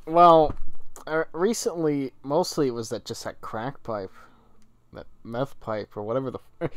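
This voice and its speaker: A man's voice: mid-range voice, normal speed, no room sound, studio quality. A young man chatting casually on a livestream, rambling and swearing with frequent laughter. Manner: rambling, profane, laughing often. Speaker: streamer.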